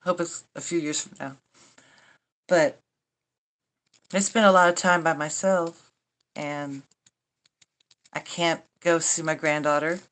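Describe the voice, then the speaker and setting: Older woman host, low-pitched, chatty and rambling with dry self-mocking humor and casual cursing. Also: a bit bright. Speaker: livestream host. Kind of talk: casual livestream chat.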